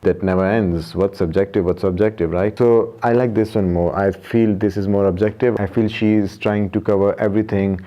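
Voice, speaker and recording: A man's voice: steady tone, moderate pace, few pauses. A young man from Pakistan chatting casually about his books in a vlog, rambling with many fillers and self-corrections. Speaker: vlogger. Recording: muffled low-fidelity audio.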